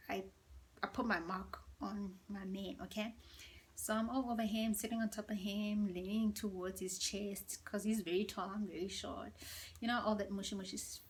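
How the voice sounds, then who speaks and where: A woman tells a storytime vlog at home, in a hushed, half-whispered, gossipy way. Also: mid-range voice. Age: 30s. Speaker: vlogger. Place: indoors at home.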